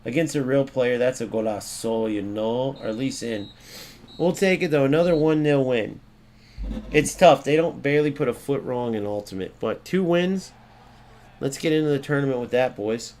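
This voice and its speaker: A young American man commenting on his own gameplay, excitable and swearing often, with sudden loud outbursts. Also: medium pitch, normal speed. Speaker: gaming YouTuber.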